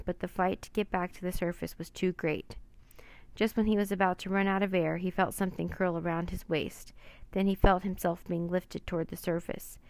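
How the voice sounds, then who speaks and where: Woman narrator, expressive children's book reading, dry. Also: lowish voice, gravelly, no room sound. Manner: expressive, dramatic.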